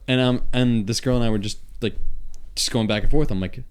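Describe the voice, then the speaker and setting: A young man with a Long Island accent, a podcast guest telling stories in an animated, profane, casual way. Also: mid-range voice, fairly quick, clean tone. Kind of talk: casual chat.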